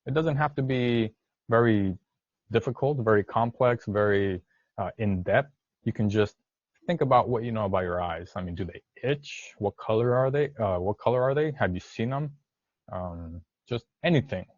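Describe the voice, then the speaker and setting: A man's voice: fairly low pitch, expressive, moderate pace, a little mellow, dry recording. A man teaching a virtual class lesson, encouraging and repeating words for students to say back, and switching to some Spanish for part of the class. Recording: dull lo-fi dry sound.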